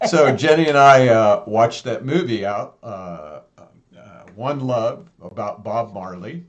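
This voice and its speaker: A man's voice: medium pitch, lively intonation, takes it slowly. A man co-hosting a casual talk show, upbeat and jokey, with many fillers. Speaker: co-host. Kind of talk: casual chat.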